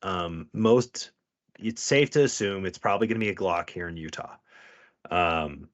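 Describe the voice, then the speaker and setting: A man, a podcast co-host and police officer, telling stories in casual chat, cursing freely and acting out the people he quotes. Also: on the low side. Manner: profane, animated, acts out quoted people. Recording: dull lo-fi audio.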